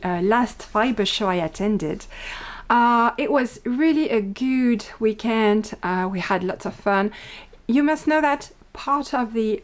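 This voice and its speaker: A French woman with a French accent, hosting her own podcast in casual chat and talking quickly with many fillers. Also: mid-range voice. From France. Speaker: podcast host and indie yarn dyer.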